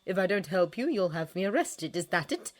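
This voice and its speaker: A woman's voice: lowish voice, big pitch swings, a little fast. A woman reading a fanfiction story, voicing a fierce, defiant young woman who snaps back emphatically. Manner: sharp, snapping, emphatic.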